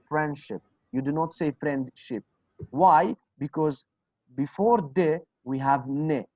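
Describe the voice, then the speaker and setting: A man whose native tongue is Kurdish leads an online English class, drilling vocabulary aloud and answering questions he asks himself. His voice is on the high side with a darkish tone, captured as dry, dull lo-fi audio from a video call with no echo.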